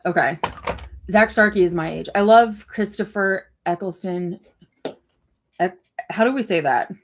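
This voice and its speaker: A woman with a mid-range voice hosts a relaxed livestream, reacting to comments as they come in. She talks in a loose, rambling way, full of fillers and quick asides. Her delivery is animated, with occasional swearing. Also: mid-range voice. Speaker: livestream host. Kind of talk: casual livestream chat reacting to viewer comments.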